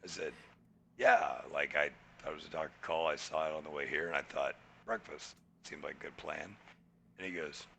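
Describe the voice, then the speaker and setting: A man's voice: extremely low pitch, normal speed, gravelly, slight background noise. A man co-hosting a podcast, telling a story in casual chat and acting out the people in it. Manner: animated, acts out quoted people in his anecdotes. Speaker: podcast co-host.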